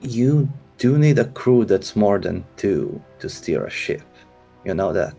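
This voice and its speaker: Man, tabletop player, gravelly, low, hesitant, faint music. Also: very animated, a little slow, warm tone. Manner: hesitant, thinking aloud. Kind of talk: casual chat at a game table.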